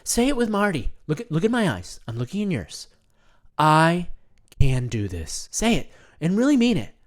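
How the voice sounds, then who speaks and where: A man's voice: high voice, big pitch swings, a little fast, darkish tone. A man hosting a comedic self-help monologue, earnest and soothing, talking about himself in the third person.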